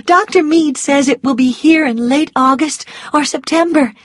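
A woman voicing a gentle, delicate young wife in an audiobook reading, soft and earnest. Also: medium pitch, a little slow, husky, dry recording. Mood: joyful.

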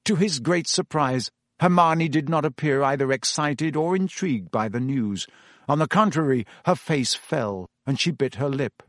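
A man's voice: mid-range voice, normal speed, dry recording. Man narrating a storybook in a dry, close voice. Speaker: audiobook narrator. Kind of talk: scripted narration.

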